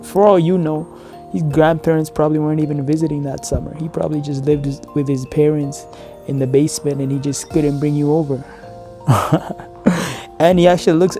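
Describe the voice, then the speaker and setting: A man's voice: fairly high pitch, little pitch movement, fairly quick, dark tone, soft background music. A man casually reacting to clips, giving blunt, laid-back opinions. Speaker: commentary host.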